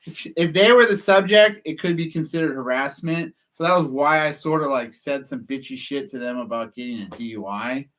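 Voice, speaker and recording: A man's voice: mid-range voice, a little fast, hardly any pauses, a bit bright. A man from California, rambling through a casual story to the camera, swearing often and laughing at himself. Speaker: process server vlogger.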